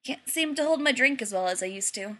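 Woman reading a husky, tired man. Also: on the high side, animated, brisk, sharp tone. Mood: weary. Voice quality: husky, croaky. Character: tired, soft-spoken hungover man.

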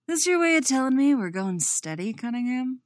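A woman's voice: sits high, very animated, normal speed, dry recording, clean studio sound, voice pushed up. Wry teasing teen boy, read by a woman. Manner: playful teasing, mock outrage.

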